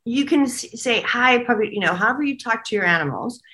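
A woman's voice: fairly high pitch, lively intonation, fairly quick, sharp tone. A woman co-hosting a casual spiritual chat, relaying messages she hears and laughing often. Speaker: co-host and medium.

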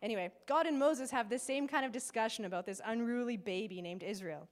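A woman giving a conversational sermon to a live gathering, chatty and animated, with frequent fillers. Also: fairly high pitch, fairly quick. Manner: chatty and animated, acts out quoted voices, many fillers. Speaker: preacher. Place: in person before a live gathering with slides.

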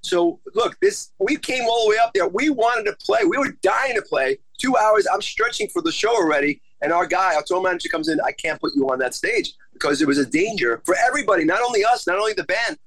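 A man's voice: high voice, animated, quick pace, hardly any pauses, a bit bright, poor audio. A man, a touring musician giving an earnest, emphatic interview and repeating himself for emphasis. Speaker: guest musician. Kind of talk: remote interview.

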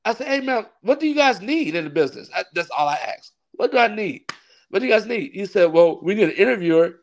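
Animated man telling a story. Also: sits high, fast. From California. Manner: animated storyteller, laughs often, acts out quoted voices. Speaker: pastor and wrestling ring announcer. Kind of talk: casual storytelling interview.

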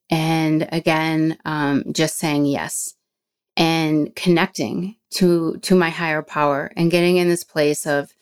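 Low-voiced woman telling a vivid story. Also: clear, resonant tone. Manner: animated storyteller, acts out quoted voices, slows down when emotional. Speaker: guest. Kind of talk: casual storytelling interview.

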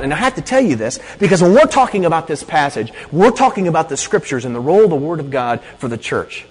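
Man, pastor, emphatic sermon, conversational, mid pitch, long hall echo. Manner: emphatic, conversational preaching with frequent "okay?" asides.

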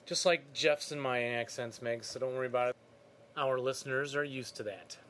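A man's voice: mid-range voice, normal speed, fairly bright tone, slight background noise. Dry, teasing male podcast co-host. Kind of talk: casual chat reading listener mail.

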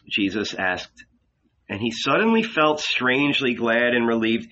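Casting: deliberate male narrator, bright, husky tone, slow and expressive. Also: medium pitch, muffled recording. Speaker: audiobook reader. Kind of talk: dramatic literary narration.

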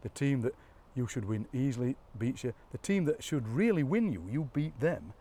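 A Yorkshire man tells stories on an outdoor walk, animated and quick to slip into other people's accents. His voice is of middling pitch. He is picked up from a little way off, out in the open air. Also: far from the mic. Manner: animated storyteller, mimics accents, laughs often. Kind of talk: chatty outdoor walk-and-talk. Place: outdoors by a graveyard.

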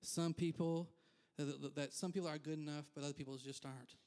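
Brief: male pastor, fairly high voice, candid chatty sermon with asides. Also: fairly even intonation, fairly quick, a little mellow. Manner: candid, self-deprecating, frequent asides. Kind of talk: conversational sermon.

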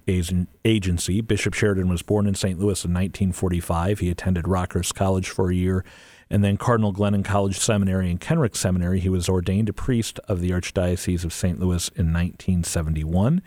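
Male radio host, low and dry, leads prayer earnestly. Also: darkish tone, no echo. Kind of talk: Catholic radio talk and prayer.

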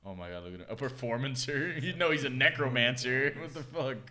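Bright-voiced young man joking on a podcast. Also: medium pitch, brisk. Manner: joking, laughs often, slangy. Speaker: podcast co-host. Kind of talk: casual chat.

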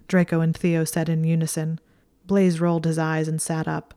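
A woman narrating a story in a steady, even storytelling manner. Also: sits low, moderate pace. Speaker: audiobook narrator. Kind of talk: scripted narration.

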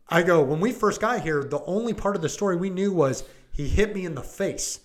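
A man's voice: high voice, expressive, normal speed. A male police deputy, probably in his thirties, casually retelling a call with lots of "like" and "I go" and acting out what people said. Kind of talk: casual storytelling in a podcast chat.

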